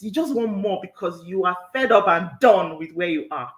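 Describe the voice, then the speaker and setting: A woman coach runs a live online workshop in a lowish voice with lively intonation and a moderate pace, barely pausing. The recording is rough and reverberant. She's emphatic and repetitive, says "all right" often, and laughs a lot as she talks.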